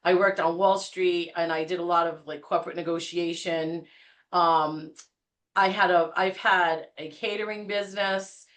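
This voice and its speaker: A woman in her fifties with a New England accent, a guest telling stories on a podcast in a lively, laughing way. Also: fairly low pitch, moderate pace. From Rhode Island, USA. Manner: animated, laughing storyteller. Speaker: guest realtor. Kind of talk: casual podcast storytelling.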